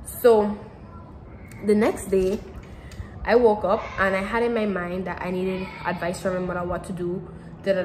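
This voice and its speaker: A woman's voice: medium pitch, a little hiss or hum, poor audio. A teenage girl telling a personal story to camera in casual chat, rambling and repeating herself with lots of fillers. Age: teens. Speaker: vlogger.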